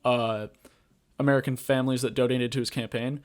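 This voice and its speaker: Dude ranting on a podcast, rambly, says like constantly, swears, mid-pitch voice. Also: male voice, flat delivery, fairly quick. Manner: rambling, packed with "like" fillers, blunt and profane. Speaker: podcast host. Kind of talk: casual political rant.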